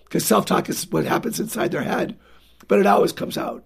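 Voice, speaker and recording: A woman's voice: mid-range voice, a little fast, gravelly, slightly rough. A woman guest on a radio show, talking earnestly and emphatically about raising children, sometimes acting out what a parent and child would say. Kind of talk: radio interview talk.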